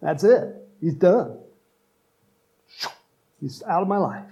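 Gravelly-voiced male pastor preaching. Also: high voice, lively intonation, slow pace, warm tone, dull audio. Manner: conversational, joking, with asides. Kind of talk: sermon.

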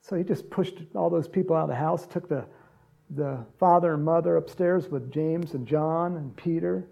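A man preaching a sermon, retelling a gospel story with animated storytelling and acted-out lines. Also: fairly high pitch, normal speed, creaky, highs cut off. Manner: animated storytelling, acts out quotes, laughs often.

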